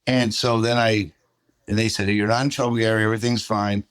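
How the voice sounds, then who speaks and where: A man's voice: on the low side, flat delivery, a little fast, fairly bright tone, clean tone, no room sound. A middle-aged man giving a personal testimony as a podcast guest, plainspoken and casual, acting out what people said. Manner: plainspoken, casual, retells dialogue.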